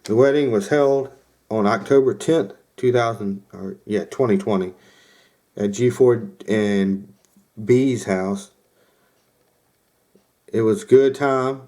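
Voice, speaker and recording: A man's voice: fairly low pitch, takes it slowly, pauses often, mellow. A young man hosting a podcast, casually telling a rambling story with lots of fillers and quoted asides. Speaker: podcast host.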